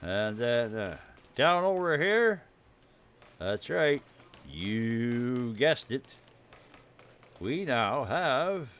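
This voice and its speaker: A man's voice: a little high, fairly bright tone. Chatty man with a dry throat. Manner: rambling, chatty, greets viewers while showing his build. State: dry, irritated throat with coughing. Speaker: game streamer. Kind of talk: casual live-stream commentary.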